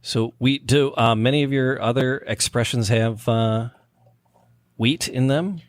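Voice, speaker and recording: A man hosting a podcast in a studio, talking in a chatty way with plenty of fillers and quick agreements. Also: medium pitch, dry recording. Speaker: podcast host. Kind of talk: casual chat.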